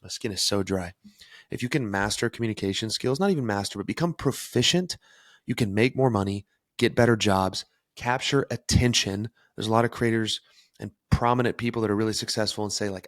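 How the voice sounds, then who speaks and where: A man's voice: lowish voice, no room sound, studio quality. A young man hosting a solo podcast, talking energetically and emphatically about self-improvement. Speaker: podcast host.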